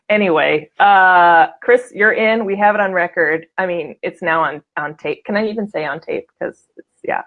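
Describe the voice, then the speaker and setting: A woman's voice: on the low side, moderate pace, muffled recording. A woman hosting a casual live-stream talk show, laughing often and reading out viewer comments. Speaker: host.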